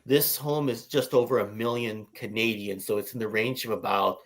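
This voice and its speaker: A man's voice: fairly low pitch, steady tone, normal speed. A man chatting casually over a video call, stammering and repeating words as he mocks himself. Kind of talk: casual group chat.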